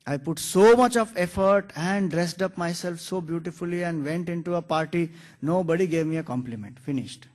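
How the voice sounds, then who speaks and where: High-voiced man giving a spiritual talk. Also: normal speed, darkish tone. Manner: earnest, explanatory, quotes scripture. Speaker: spiritual teacher. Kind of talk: spiritual discourse.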